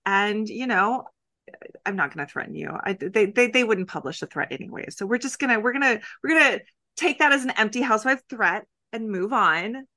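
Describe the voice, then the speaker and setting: A woman's voice: fairly high pitch, animated, brisk, bright, forceful tone. A young adult woman co-hosting a podcast, chatting casually and rambling through jokes. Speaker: podcast co-host. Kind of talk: casual chat.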